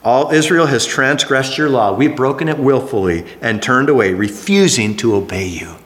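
Emphatic preacher in an echoey hall. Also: male voice, mid-range voice, normal speed. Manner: emphatic, swings from hushed drops to animated exclamations. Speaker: pastor. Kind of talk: sermon.

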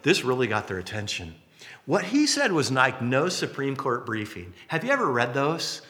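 A pastor preaching a sermon, telling the story casually and acting out quotes and jokes along the way. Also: male voice, medium pitch, moderate pace. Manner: lively storytelling with acted-out quotes and asides.

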